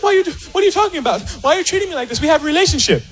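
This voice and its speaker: A man voicing an indignant woman pleading with her cold boyfriend in a stand-up bit, shrill and pleading. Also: very animated, very fast, noisy background.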